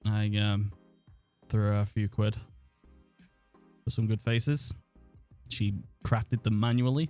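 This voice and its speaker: A man's voice: fairly low pitch, steady tone, takes it slowly, pauses often, a little mellow, clear, resonant tone, faint music behind. A man chatting and thinking aloud as he streams a football management game, swearing now and then. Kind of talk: casual live-stream commentary.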